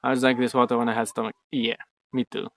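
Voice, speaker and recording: A man's voice: mid-range voice, little pitch movement, fast, vocal fry, no room sound. A man chatting casually on a livestream outdoors in a garden, rambling and joking with lots of swearing. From Ukraine. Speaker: streamer.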